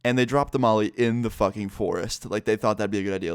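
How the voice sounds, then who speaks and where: Talking fast in a fairly low, clean voice, a young man tells a swear-laden, meandering story for his vlog, leaning heavily on fillers. The studio-quality recording has no echo.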